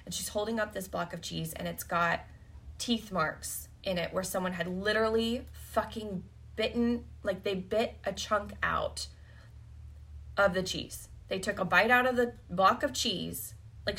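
A woman's voice: medium pitch, vocal fry, a bit bright. A woman hosting a podcast, telling a personal story in a blunt, profane way and laughing often. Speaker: podcast host. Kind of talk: candid storytelling monologue.

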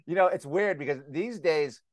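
Animated, rambling American man, dry close sound. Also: a little high, moderate pace, no room sound. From United States. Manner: animated, rambling with restarts, acts out quotes loudly. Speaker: guest, climate skeptic publisher. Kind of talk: casual interview storytelling.

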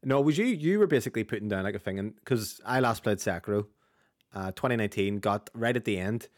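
Fast-talking Northern Irish man. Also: fairly low pitch, lively intonation, no echo, studio quality. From Northern Ireland. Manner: rapid, chatty, sweary banter. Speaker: podcast co-host. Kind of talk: casual gaming chat.

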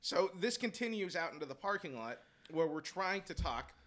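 A man telling a heated story about coaching basketball, animated and profane, laughing as he goes. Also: on the high side, moderate pace. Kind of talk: casual storytelling chat.

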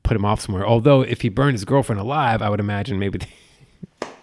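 A man in his thirties co-hosting a casual chat, profane and animated as he tells stories. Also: fairly low pitch, brisk, slight background noise.

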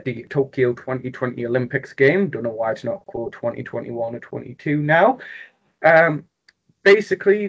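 Geordie man chatting on a podcast. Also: medium pitch. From North East England. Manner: jokey, quick, rambling with fillers. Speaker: podcast co-host. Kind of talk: casual gaming podcast chat. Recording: dull lo-fi podcast audio.

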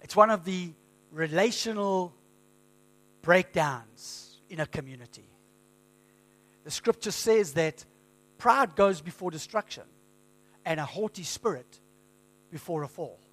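A man preaching a sermon as pastor, in a conversational storytelling manner with lively quoted asides. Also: high-pitched, measured pace, pauses often. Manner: conversational storytelling, animated quoting.

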